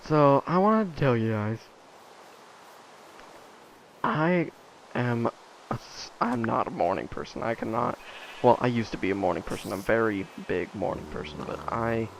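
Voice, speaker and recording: A man's voice: mid-range voice, expressive, a little slow, creaky, long pauses, a little hiss or hum, rough recording. A teenage boy chatting casually while playing a game, rambling with lots of fillers and trailing thoughts. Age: teens. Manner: rambling, many fillers, drifts off mid-thought. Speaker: gaming vlogger.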